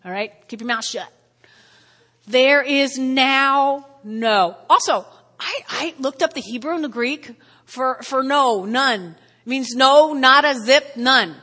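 A woman pastor delivers an emotional sermon, her high, bright voice leaping from shouted declarations to hushed whispers. At times she sounds close to tears. Long reverb from a church hall trails each phrase. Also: expressive, measured pace, husky. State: tearful at times.

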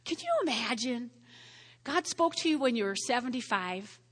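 High bright-voiced woman preaching in a hall. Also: moderate pace. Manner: animated, acts out voices of biblical figures with laughs. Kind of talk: sermon. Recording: long hall reverb.

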